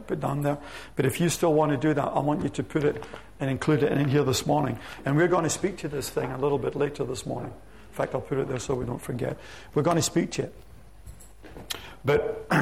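A man preaching a sermon to his church, reading scripture aloud with slow, emphatic stress. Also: medium pitch, steady tone, creaky, darkish tone, a little hiss or hum. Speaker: pastor. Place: church sanctuary.

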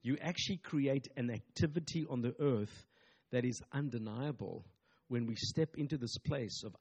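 A pastor preaches a sermon with emphasis, leaning on repetitive phrasing and call-and-response asides. His voice is husky and sits at a medium pitch.

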